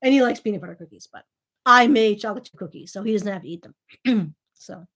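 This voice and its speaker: A woman's voice: medium pitch, brisk, a bit bright. A woman, talking casually to her viewers in a rambling, chatty way with lots of fillers, acting out the voices of people she quotes. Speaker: channel host.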